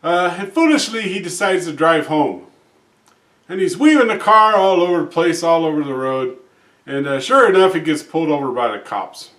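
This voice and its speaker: Man, joke teller, folksy delivery, slightly high voice, sits back from the mic in a roomy space. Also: expressive, moderate pace, fairly bright tone. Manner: folksy, frequent "uh" fillers, acts out characters with raised pitch. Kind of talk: casual joke telling. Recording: roomy echo, distant from mic.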